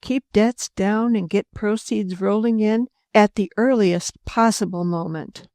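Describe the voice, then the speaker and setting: Woman doing an old settler man, wry, drawling, slow, dry close sound. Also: medium pitch, darkish tone, no room sound, natural voice.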